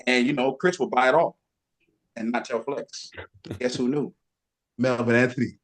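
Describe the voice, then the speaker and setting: A man's voice: medium pitch, normal speed. Middle-aged guy telling stories casually, acts out other people's voices. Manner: animated storyteller, does voices of others. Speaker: guest bodybuilder. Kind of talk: casual storytelling.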